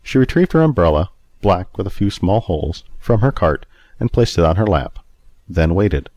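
Low-voiced man reading a story. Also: sing-song, normal speed, a little mellow, no room sound. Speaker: narrator. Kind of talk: storybook narration.

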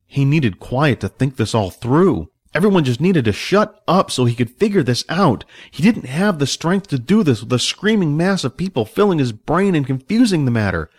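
A man's voice: on the high side, very animated, moderate pace, few pauses, slightly rough. A man reading a story aloud as narrator, voicing the characters himself. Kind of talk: audiobook narration with voiced characters.

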